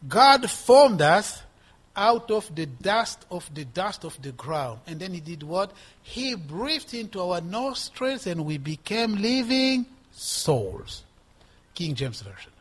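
A man around sixty preaching a sermon in an emphatic manner, repeating words for stress and swinging between loud and soft. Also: high-pitched, slightly rough. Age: 60s. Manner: emphatic, rising and dropping in volume, repeating for stress.

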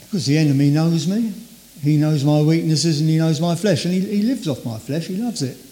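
An older man preaching a sermon in a conversational way, acting out inner voices and trailing off softly. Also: fairly high pitch, fairly quick.

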